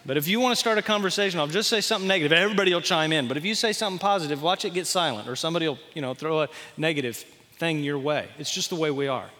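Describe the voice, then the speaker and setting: A pastor preaching in a folksy, animated way, acting out quotes. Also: male voice, fairly high pitch, fast, in a large hall, some chatter behind. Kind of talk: sermon.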